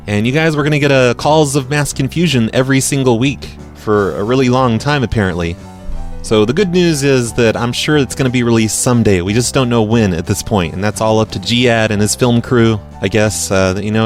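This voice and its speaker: A young man hosts a prank call show, rambling along in a chatty, loose way with plenty of fillers. His voice sits at an ordinary middle pitch. Faint music plays behind him. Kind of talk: casual monologue and prank calls.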